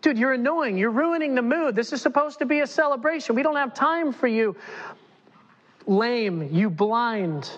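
A man's voice: very high voice, animated, normal speed, a bit bright, highs cut off, pitched above the performer's own voice. A man voicing an annoyed male passer-by who impatiently brushes someone off. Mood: dismissive. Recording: long reverb in a church hall.

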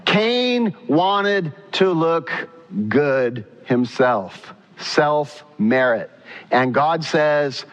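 A man's voice: on the high side, lively intonation, drawn-out words, highs cut off. A man preaching a sermon as pastor, emphatic, now and then acting out quotes.

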